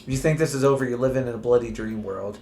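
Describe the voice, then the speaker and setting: A man's voice: medium pitch, fast, darkish tone, slight background noise, close to an everyday voice. Brief: crude British antihero, sneering and foul-mouthed, read by a man.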